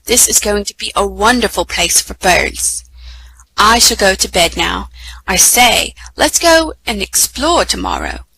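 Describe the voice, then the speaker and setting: An eager, confident older boy holds forth in a storybook reading, as a woman puts him on. He sounds hearty and certain, in a bright voice. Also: medium pitch, big pitch swings, a little slow, a little hiss or hum, full character voice, low-quality recording.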